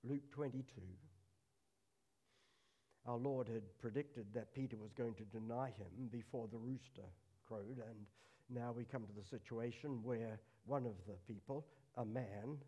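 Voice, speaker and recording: At a church service, a middle-aged man with a mid-range voice preaches a sermon earnestly. On the solemn lines he drops to a hush.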